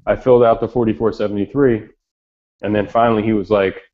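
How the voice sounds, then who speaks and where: A man telling a story in a casual chat, animated and swearing freely. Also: fairly low pitch, fast. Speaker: chat participant. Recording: lo-fi online voice chat.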